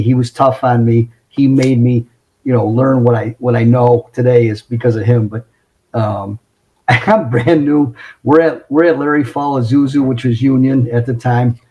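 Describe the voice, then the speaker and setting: A man's voice: medium pitch, mellow, highs cut off. A middle-aged man telling car-sales stories in casual chat, laughing as he goes. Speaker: podcast guest. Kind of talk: casual storytelling. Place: home closet.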